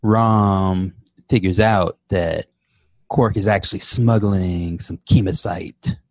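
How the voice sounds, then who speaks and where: A man co-hosts a podcast, trading self-deprecating jokes in relaxed chat. His voice sits low, and the sound is dry and close. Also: slow, dry recording. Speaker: podcast co-host. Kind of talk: casual chat.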